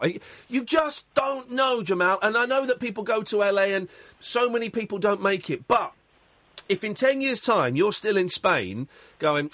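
High, lively, emphatic male radio host. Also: moderate pace, dry recording. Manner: emphatic, repetitive, urging. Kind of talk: phone-in talk radio. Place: radio studio. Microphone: studio mic.

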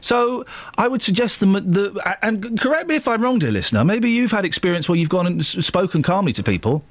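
A British man hosting a radio phone-in, his pitch jumping all over as he argues and mocks. He sits in a dead, dry studio booth with no room echo, his voice a touch higher than most men's. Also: sing-song, brisk. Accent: British English. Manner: combative, mocking, puts on silly voices for quotes. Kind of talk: argumentative radio chat.

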